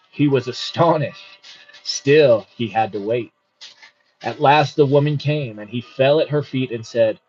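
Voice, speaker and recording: A man's voice: medium pitch, a little slow, darkish tone, breathy edge. A man hosting a book study, reading aloud unhurriedly and adding casual comments. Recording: muffled with faint music.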